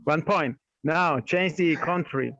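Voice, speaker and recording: A man's voice: fairly high pitch, takes it slowly, fairly bright tone, no echo, muffled recording. A man on a video call, joking and teasing with laughter. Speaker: call participant.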